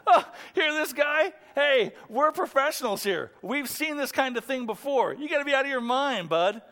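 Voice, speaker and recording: Guy playing a loud jeering mourner, high and brash, mocking everyone. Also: expressive, moderate pace, in a large hall, full character voice.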